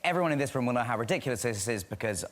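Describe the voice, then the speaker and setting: A man's voice: medium pitch, expressive, very fast. A young English man in his twenties, a talk show guest chatting in a self-deprecating way with many fillers. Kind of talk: casual chat.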